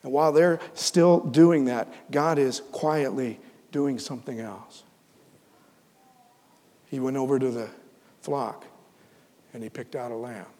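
A man preaching a sermon, swinging from loud, fervent build-ups to hushed, almost whispered lines. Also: medium pitch, slow, long pauses, in a large hall. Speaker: pastor.

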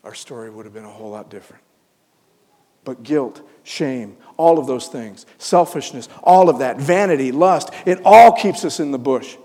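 Man preaching with swings from fervent to hushed. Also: mid-range voice, animated, moderate pace, in a large hall. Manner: swings from loud fervent preaching to hushed, near-whispered lines. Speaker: pastor. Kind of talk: sermon.

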